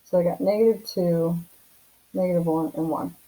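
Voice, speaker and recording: A woman teaches a recorded math lesson from home, talking casually and often checking in with "right?". Her voice sits low and sounds warm and mellow. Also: steady tone, moderate pace, poor audio.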